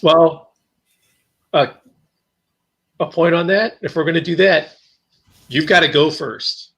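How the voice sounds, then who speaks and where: A man co-hosting a podcast in casual chat, talking in a hesitant, halting way. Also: a little high, fairly bright tone, husky. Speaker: podcast co-host.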